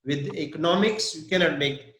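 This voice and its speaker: A man's voice: on the high side, moderate pace, a bit bright, reverberant, poor audio. A man teaching an English vocabulary lesson, spelling out words letter by letter and stressing syllables.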